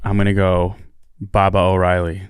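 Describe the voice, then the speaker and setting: A man's voice: sits low, monotone, normal speed, smooth, no room sound, studio quality. A man guesting on a podcast, chatting casually with jokey quips. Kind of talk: casual chat.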